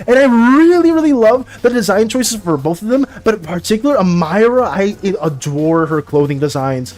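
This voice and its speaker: A young man chatting casually on a livestream with a fairly high voice. He swings his pitch widely as he talks and laughs often. He gets worked up over his opinions, then turns apologetic. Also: expressive, normal speed, hardly any pauses, a little mellow. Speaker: art streamer. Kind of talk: casual livestream chat with viewers.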